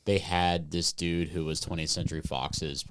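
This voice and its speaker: A man's voice: rumbling low, level tone, normal speed, a bit bright, smooth. A young man co-hosting a podcast, telling a rambling story in a laid-back, casual way. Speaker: podcast co-host. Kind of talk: casual chat.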